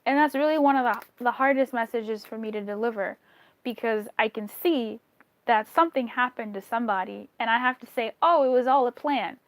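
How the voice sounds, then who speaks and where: A woman reads tarot in a loose, chatty way, swearing freely and giggling as she goes. Her voice sits a little high. The sound is close and dry, with no room around it. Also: a little fast, no echo. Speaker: tarot reader. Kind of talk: casual tarot reading to camera.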